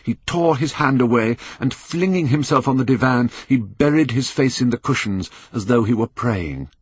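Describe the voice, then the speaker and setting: An older man reading a classic novel aloud in measured, expressive storytelling. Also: mid-range voice, breathy edge, dry recording. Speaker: audiobook narrator. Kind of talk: scripted narration.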